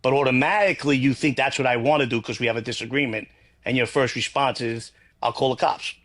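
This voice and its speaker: A man's voice: medium pitch, fast talker, fairly bright tone. A man, a guest in a casual interview, talking bluntly in long, rambling runs and swearing freely. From New York.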